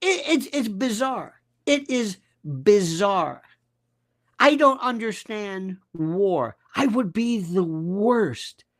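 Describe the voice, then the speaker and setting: Slow and slightly bright, his voice sits high and stays animated. The American man, appearing as a guest commentator, delivers a sarcastic, emphatic political rant that jumps between subjects.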